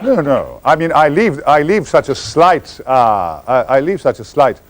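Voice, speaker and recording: Wry, theatrical older Englishman with a lively voice. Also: medium pitch, measured pace. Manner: theatrical, wry, meandering storyteller. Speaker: guest answering audience questions. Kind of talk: anecdotal audience Q&A.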